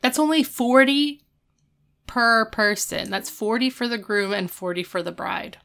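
A woman's voice: a little high, a little slow, creaky, fairly bright tone. A woman in her thirties, casually retelling TV scenes with lots of fillers. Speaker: podcast co-host recapping a TV episode. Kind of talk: casual chat.

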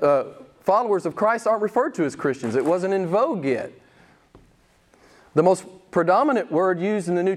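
A middle-aged man, a pastor, preaching a sermon in an emphatic way and repeating lines for stress. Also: sits high.

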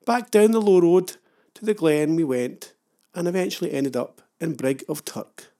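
Older scottish guy telling a funny walking trip story, dry jokes, voice a touch high. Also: moderate pace, mellow. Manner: wry storytelling with self-mocking asides. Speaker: travel vlogger. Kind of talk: scripted comic travel narration.

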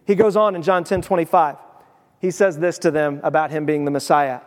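A man's voice: fairly high pitch, fairly even intonation, fairly quick, long reverb tail. A male pastor preaching a sermon in an emphatic, conversational way with casual asides.

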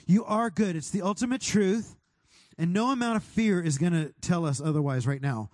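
High-voiced man in fervent prayer. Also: moderate pace, no room sound, clean studio sound. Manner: fervent praying, rising to shouts. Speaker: pastor. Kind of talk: sermon prayer.

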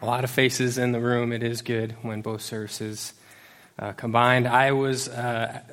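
A man gives a laid-back sermon to a church congregation as its youth pastor, his voice sitting at an ordinary middle pitch. He talks loosely and jokes along the way, with plenty of ums and restarts. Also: level tone, a little slow, fairly bright tone. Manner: casual, joking, many fillers. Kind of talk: conversational sermon. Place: church service before a congregation.

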